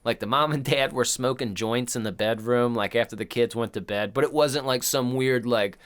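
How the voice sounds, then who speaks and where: A man's voice: medium pitch, normal speed, fairly bright tone, smooth. Profane, rambling podcast guy. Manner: loose, profane, rambling retelling with quoted voices. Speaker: podcast co-host. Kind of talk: casual chat.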